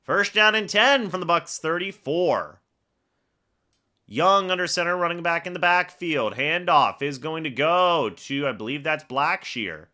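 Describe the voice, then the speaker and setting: Lively, bright-voiced football fan calling plays. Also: male voice, a little high, unhurried. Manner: calls plays like a broadcaster, then chats with viewers. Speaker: fan live-reaction host. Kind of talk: live play-by-play reaction commentary.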